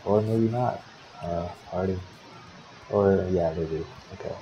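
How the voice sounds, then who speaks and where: A sim-league team manager gives a casual play-by-play of his own team's simulated basketball game, swearing often and grumbling at his players. His voice is low-pitched and warm, a little slow. Slight background noise colors the dull lo-fi recording.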